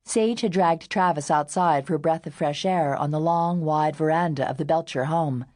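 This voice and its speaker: A woman reads a novel aloud in a calm, measured narration. Her voice is low and the sound is close and dry, with no room around it. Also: no echo. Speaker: audiobook narrator. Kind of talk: scripted narration.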